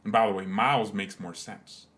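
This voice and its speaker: A man's voice: on the low side, steady tone, normal speed, fairly bright tone. A man hosting a live fan watchalong, mixing match commentary with joking, rambling banter. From United States. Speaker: fan channel host.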